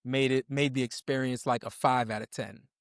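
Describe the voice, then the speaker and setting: Here a young co-host on a podcast, speaking in a mid-range voice at normal speed, tells a story in relaxed chat and animatedly performs the voices of the people he quotes. The sound is dry and clean, like a studio.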